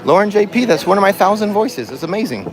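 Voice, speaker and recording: A man's voice: high voice, big pitch swings, quick pace, noisy background. A man hosting a casual livestream while walking through an outdoor theme park, joking playfully with his viewers into a handheld phone. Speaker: livestream host. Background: faint music and crowd.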